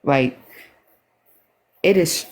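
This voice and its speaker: A tired woman talking on a phone livestream, halting and repeating herself as she speaks with emotion. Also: a little mellow. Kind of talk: emotional casual livestream talk.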